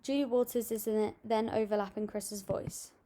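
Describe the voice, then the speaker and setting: A young woman reading out a school assignment on voice techniques, steady and a little halting, with small restarts. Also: medium pitch. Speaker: student presenting an assignment. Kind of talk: read-aloud school presentation.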